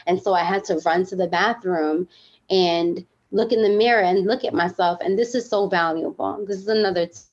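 A woman speaking on a podcast in a slightly low voice, heartfelt and emphatic as she talks openly. She leans on fillers and restarts, and the recording sounds a little muffled. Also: normal speed. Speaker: podcast guest. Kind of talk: candid podcast conversation.

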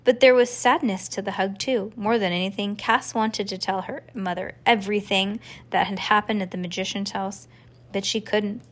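A woman reading a children's storybook aloud to a child, with a calm storytelling cadence. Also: medium pitch, moderate pace. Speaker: reader to a child.

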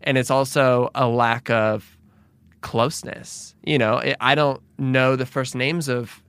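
A man's voice: medium pitch, fairly even intonation, unhurried, fairly bright tone, smooth, no echo. Reflective man hosting, dry close sound. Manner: reflective, thinks aloud with restarts. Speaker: podcast host. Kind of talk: conversational interview.

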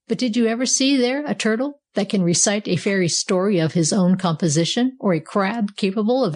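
A woman's voice: medium pitch, a little mellow, close to an everyday voice. A woman voicing a fussy, indignant male bellows in a storybook, with a prim, scolding manner.

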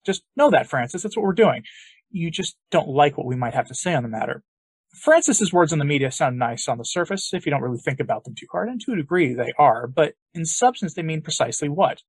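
A man hosts an opinion podcast in a somewhat high, husky voice. He argues his points emphatically, with a sarcastic edge. The sound is dry, with little room echo. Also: big pitch swings, fairly quick. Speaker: podcast host.

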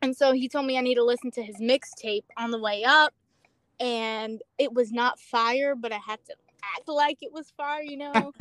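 Give me an animated woman officer chatting over a call, bright and high. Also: normal speed, no room sound, rough recording. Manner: animated, lots of fillers. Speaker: police officer. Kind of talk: casual storytelling chat.

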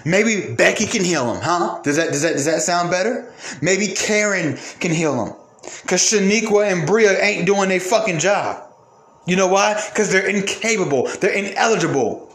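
There's a noticeable echo around this podcast host, whose high voice has a fairly bright tone. At normal speed and with expressive delivery, he gives a heated, profane monologue, openly angry and repeating phrases to press his points.

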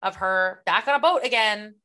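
A woman's voice: medium pitch, normal speed, pushed and bright. A young woman co-hosting a book podcast, chatting casually and acting out characters' lines as she retells scenes. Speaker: podcast co-host.

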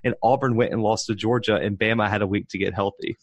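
A young man, a podcast co-host in casual sports chat, talking in animated, worked-up rants at a desk microphone. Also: on the low side, fast talker, no room sound. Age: young adult. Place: home setup, rolling desk chair.

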